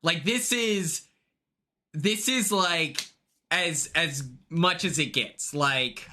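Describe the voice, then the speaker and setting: A young man chatting casually on a live stream, excitable and chatty, greeting viewers by name from his home. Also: fairly high pitch, drawn-out words, slight background noise.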